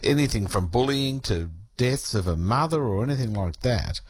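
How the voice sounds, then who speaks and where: Lively husky male interviewer. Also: mid-range voice, moderate pace. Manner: animated, questioning, enthusiastic. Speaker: interviewer host. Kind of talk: interview questions.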